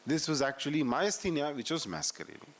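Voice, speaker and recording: A man's voice: on the high side, lively intonation, fairly quick. A man with an Indian English accent presenting medical cases at a conference and introducing the next speaker. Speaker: session moderator and presenter.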